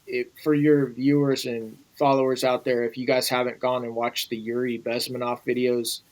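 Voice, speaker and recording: Man, interview guest, urgent and emphatic, repeats himself, mid-pitched voice. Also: little pitch movement, normal speed, a little mellow, rough recording. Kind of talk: earnest interview conversation.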